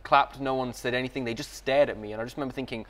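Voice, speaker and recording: A young man talks about acting in a relaxed, reflective way. His voice sits at a middle pitch, and he laughs easily as he chats. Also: racing, noisy background. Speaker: actor guest. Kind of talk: casual interview chat.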